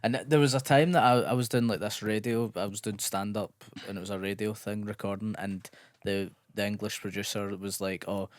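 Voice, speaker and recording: A man's voice: lowish voice, steady tone, brisk, few pauses, no room sound. A Scottish man, a stand-up comic, chatting on a podcast, laughing often and swearing. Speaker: comedian and podcast co-host. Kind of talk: casual chat.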